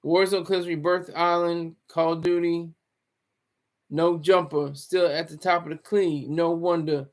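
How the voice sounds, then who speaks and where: High-voiced joking male livestream host. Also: level tone, measured pace. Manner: chatty, joking, talks to chat. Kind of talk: casual commentary.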